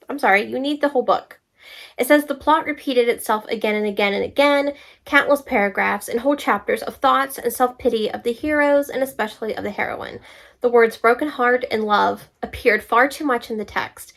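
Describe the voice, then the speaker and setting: Animated young woman reacting to reviews. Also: fairly high pitch, moderate pace. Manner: animated and exasperated, talks back to reviews. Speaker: book vlogger. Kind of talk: casual reaction vlog, reading reviews aloud.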